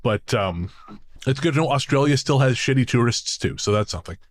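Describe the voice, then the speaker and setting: Sardonic man with lively pitch. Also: brisk. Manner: sardonic, swearing, laughing often. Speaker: podcast co-host. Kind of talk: casual chat, reading a listener story aloud.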